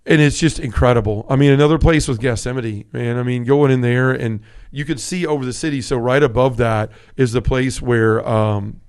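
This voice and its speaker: A man with a mid-pitched voice hosts a relaxed, conversational podcast. He talks earnestly and from the heart, often stopping to restart his sentences as he works through his thoughts. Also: moderate pace, few pauses, smooth. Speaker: podcast host.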